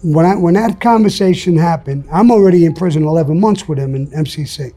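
Older new guy telling rough stories in an interview, swears a lot, husky and kinda high. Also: fast talker, dark tone, soft background music. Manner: blunt, profane, streetwise storytelling. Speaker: interview guest. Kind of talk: storytelling interview.

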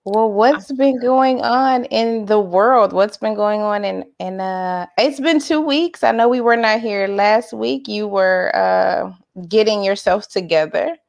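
A woman's voice: mid-range voice, a little slow, vocal fry, few pauses, a little mellow, dry recording. A young adult woman co-hosting a podcast, chatting casually, often laughing and teasing. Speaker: podcast co-host. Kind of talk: casual chat.

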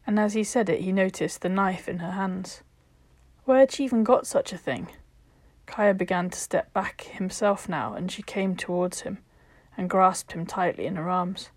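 A woman narrating a storybook in a calm, measured way, at times dropping to a whisper. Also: medium pitch, no room sound.

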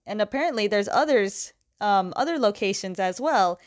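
A woman's voice: mid-range voice, expressive, normal speed, few pauses. A young adult woman casually recapping a story's plot in a loose, chatty way, with lots of fillers. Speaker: comic book reviewer.

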